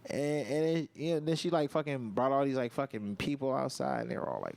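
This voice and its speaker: A man's voice: medium pitch, sing-song, fairly quick, vocal fry, darkish tone, no echo. Male comic co-host, profane slangy storyteller, mid-range voice. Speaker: stand-up comedian and podcast host. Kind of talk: casual podcast chat.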